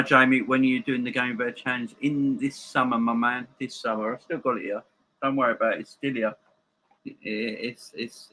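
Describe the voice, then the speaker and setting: A man's voice: medium pitch, pushed and bright, poor audio. A man hosting a live football watchalong from home, chatting casually and bantering with viewers as he reads their comments.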